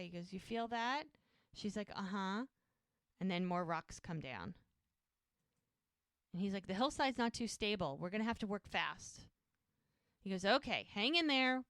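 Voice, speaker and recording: A woman's voice: medium pitch, a bit bright, smooth, dry recording. A woman co-hosting a podcast, retelling a TV episode in casual chat and acting out the characters' lines. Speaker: podcast co-host.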